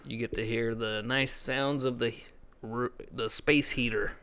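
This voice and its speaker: A man's voice: medium pitch, steady tone, unhurried, fairly bright tone, smooth. A young man co-hosting a podcast in casual chat, giggly and fond of crude jokes. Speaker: podcast co-host. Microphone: studio podcast mic.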